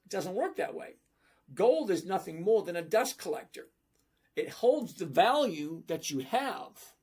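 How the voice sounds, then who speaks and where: Slow, emphatic man hosting a livestream. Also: high-pitched, sing-song, darkish tone, breathy edge. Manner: slow, emphatic, repeats "okay?" to check understanding. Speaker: livestream host answering viewer questions. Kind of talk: casual livestream chat about stocks.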